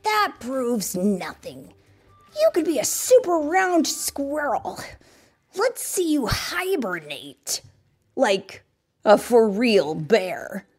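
A woman voicing a skeptical male blue turtle who speaks in a doubtful, deliberate way. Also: sits low, sing-song, gravelly, a little mellow, husky, faint music behind, heavily acted.

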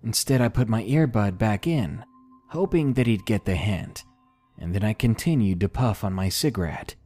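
A man narrating a scary story in slow, expressive storytelling. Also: on the low side, soft background music. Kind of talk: scripted horror story narration.

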